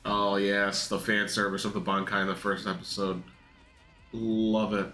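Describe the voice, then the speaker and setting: Excitable, profane young man reacting to anime. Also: lowish voice, moderate pace, faint music behind. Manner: excitable, profane, laughing, mocking the characters in put-on voices. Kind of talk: casual reaction commentary. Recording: echoey room.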